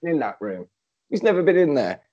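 A British man with a somewhat higher-pitched voice co-hosts a podcast in easygoing chat. He recaps a film's plot scene by scene, animated and quick to laugh. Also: dull audio. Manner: animated retelling, acting out lines, laughing. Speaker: podcast co-host. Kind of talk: casual film recap chat.

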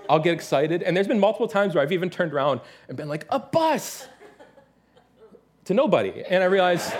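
Animated man preaching a sermon. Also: sits high. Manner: animated storytelling, mimics his toddler's excited voice. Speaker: pastor.

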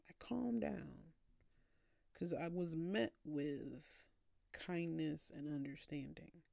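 A woman hosting her own podcast, telling a candid, rambling story and questioning herself out loud. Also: low voice, slow, gravelly, no room sound, clean studio sound. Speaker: podcast host. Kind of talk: casual solo storytelling.

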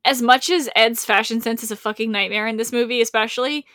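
A woman's voice: fairly high pitch, fairly even intonation, fast, a bit bright, dry recording, clean studio sound. A woman co-hosting a casual podcast, dramatic and gushing, swearing freely. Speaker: podcast co-host. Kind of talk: casual chat.

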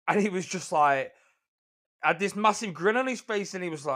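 Casting: man, podcast host, slightly high voice, animated, swears freely. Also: a little fast. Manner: animated storyteller, swears freely, laughs a lot. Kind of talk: casual banter podcast.

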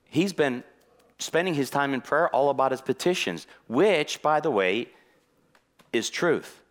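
A man preaching a sermon in a church, telling a personal story in a lively way and acting out the conversations in it. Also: mid-range voice, measured pace. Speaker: guest preacher.

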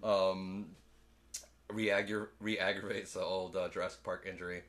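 A man's voice: sits low, level tone, unhurried, fairly bright tone. A man in casual podcast chat, rambling through a movie plot, swearing often and acting out lines. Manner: rambling, swears a lot, acts out quotes.

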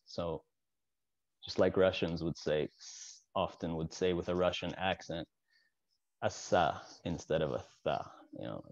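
Low-voiced male teacher, casual lecture. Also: unhurried, no room sound, lo-fi sound. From Soviet Union. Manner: explanatory, with frequent asides and "right?" check-ins.

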